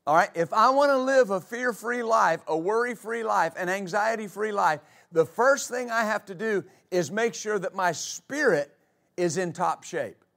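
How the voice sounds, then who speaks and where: Male pastor, high voice, preaching a church sermon with rhetorical questions. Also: moderate pace, vocal fry, fairly bright tone. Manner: preaching with rhetorical questions, reading scripture aloud.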